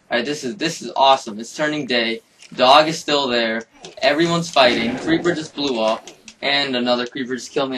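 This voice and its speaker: Excitable young man yelling at a game. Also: mid-range voice, recorded from a distance, slight background noise. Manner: excitable, swearing, yelling outbursts. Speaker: gamer. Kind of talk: game commentary.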